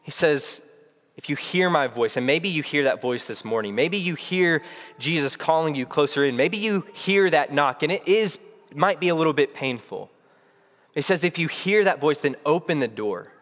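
Earnest young preacher in a reverberant hall. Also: male voice, a little high, lively intonation, normal speed, fairly bright tone. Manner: earnest, reflective, with frequent restarts. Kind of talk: sermon. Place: church sanctuary. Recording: long reverb of a church hall.

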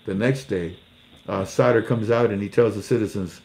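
A man's voice: lowish voice, moderate pace, gravelly, a little mellow. A man reading news articles aloud and mocking them with sarcastic jokes and acted-out exchanges. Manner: sarcastic, jokey, acts out little dialogues; laughs at his own jokes. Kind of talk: casual commentary.

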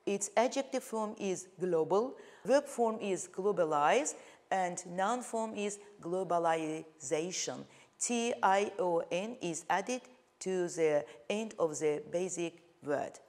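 A woman with an Azerbaijani accent teaching an English lesson, speaking slowly and deliberately, spelling out suffixes and pausing with frequent "uh"s. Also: mid-range voice, a little mellow. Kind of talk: televised classroom lesson.

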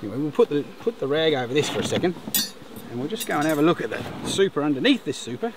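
Australian male beekeeper, middle-aged, high bouncy voice, chatty with chuckles, noisy outdoor mic. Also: expressive, quick pace. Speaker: beekeeper vlogger. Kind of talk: casual hands-on commentary while working. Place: outdoors at beehives. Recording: outdoor camera mic, noticeable ambient noise. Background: buzzing bees and insects.

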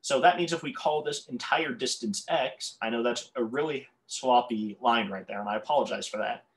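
A man's voice: medium pitch, normal speed. Tongue-tied male calculus teacher. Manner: tongue-tied, self-correcting, apologetic asides. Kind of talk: whiteboard math lesson.

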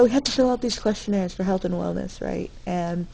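A woman's voice: medium pitch, fairly quick, gravelly, dark tone, low-quality recording. A young woman recording a casual video diary in her dorm room, rambling and candid, with frequent fillers and self-corrections. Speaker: vlogger.

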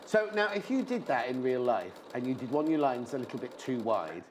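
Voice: mid-range voice, sing-song, fairly quick, noisy background. A presenter hosting a sewing show in a TV studio, chatty, rambling and full of jokey asides. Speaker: TV shopping presenter.

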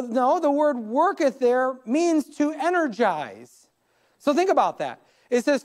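A man's voice: very high voice, darkish tone. A man, the pastor, preaching a live church sermon, building emphasis and retelling scripture scenes in quoted voices. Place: church sanctuary.

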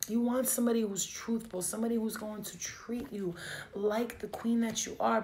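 A woman's voice: on the high side, darkish tone. A woman giving a live tarot reading, emotional and direct, speaking straight to her viewers. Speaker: tarot reader.

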